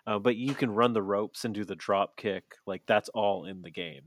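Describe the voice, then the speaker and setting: A man's voice: on the low side, moderate pace, no echo. A man co-hosting a podcast in casual chat, swearing freely and rambling with lots of fillers. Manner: profane, rambling with many fillers. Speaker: podcast co-host.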